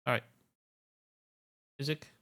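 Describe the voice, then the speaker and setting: A man's voice: takes it slowly, pushed and bright, a little hiss or hum. A tired man streaming a horror game, reading logs aloud and rambling with yawns.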